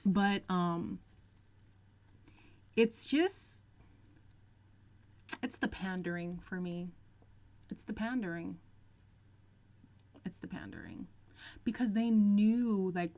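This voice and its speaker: A woman's voice: on the low side, darkish tone. Chatty young woman laughing on a livestream. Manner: chatty, laughs often, drawls some phrases slowly. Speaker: livestream host reacting to reality TV. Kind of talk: casual livestream chat reading viewer comments.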